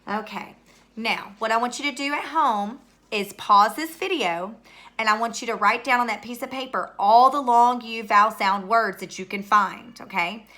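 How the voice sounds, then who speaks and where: Bright-voiced teacher prompting young kids. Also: female voice, fairly high pitch, normal speed. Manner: patient, prompting questions and answering them herself. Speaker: third grade teacher. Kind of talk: recorded video lesson.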